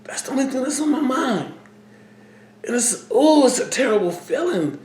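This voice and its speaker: A man talking slowly and haltingly about his feelings, often repeating words and trailing off. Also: very high voice, very animated, a little mellow, roomy sound. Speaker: vlogger. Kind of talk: personal talk to camera.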